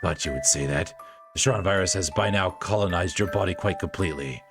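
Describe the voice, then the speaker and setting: A man voicing a cold, calculating physician in a visual novel, speaking in a measured, formal, detached way. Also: deep voice, music in the background, pitched below the performer's own voice.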